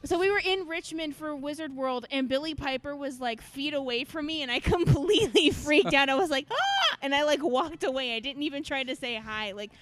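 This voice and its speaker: A woman co-hosting a podcast, excitable and giggly, telling stories in casual chat full of fillers. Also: high voice, a little fast, hardly any pauses, no room sound. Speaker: podcast co-host.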